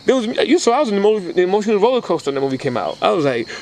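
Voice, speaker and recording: A man's voice: sits high, very fast, slight background noise, rough recording. A man co-hosting a relationship podcast in casual chat, telling stories and acting out other people's voices. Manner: animated storyteller acting out quoted voices. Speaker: podcast co-host.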